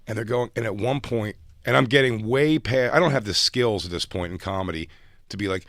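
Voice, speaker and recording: Low-voiced man telling a comedy story. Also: fairly quick, no echo, clean studio sound. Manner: animated storyteller who acts out other people's lines. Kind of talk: casual chat, storytelling.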